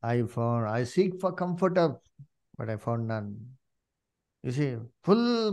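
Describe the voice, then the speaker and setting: A man's voice: mid-range voice, animated, a little slow, mellow. A man preaching a sermon, emphatic and full of rhetorical questions and "you see".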